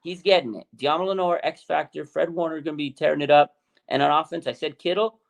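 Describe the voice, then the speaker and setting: A man co-hosting a fan show, talking excitedly and repeating names for emphasis, his voice climbing high and loud as he gets worked up. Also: fast, creaky. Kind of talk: excited casual sports talk.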